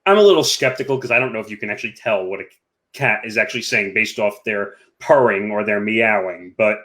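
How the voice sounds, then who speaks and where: A man's voice: lowish voice, a little fast, a bit bright. A man co-hosting a casual chat, easygoing, bringing up news items and reading from them. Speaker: co-host.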